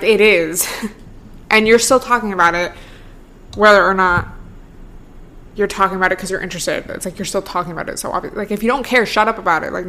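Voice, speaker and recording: A woman's voice: medium pitch, a bit bright. Young woman podcasting solo, casual and sweary, lotta "like", laughs a bunch. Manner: chatty, profane, full of "like", laughs often. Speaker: podcast host.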